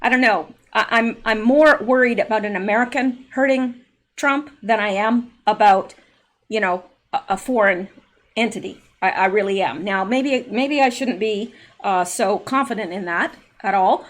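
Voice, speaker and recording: A woman hosting a solo political commentary show, reading news aloud with sarcastic asides, fillers and occasional throat clearing. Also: mid-range voice, moderate pace. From Canada.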